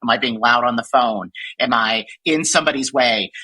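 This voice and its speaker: A woman's voice: extremely low pitch, moderate pace, pushed and bright, slightly rough, rough recording. A woman in her forties hosting a podcast, chatting casually and ranting with profanity and frequent laughter. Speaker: podcast host. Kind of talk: casual chat.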